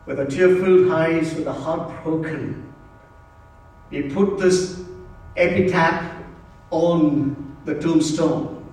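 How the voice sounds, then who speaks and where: Male pastor, high voice, slow repeated emphasis, heard from afar in a very roomy church. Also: fairly even intonation. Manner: emphatic, repeats key phrases, drops to hushed tones. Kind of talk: Good Friday sermon. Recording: roomy church sound from a distance.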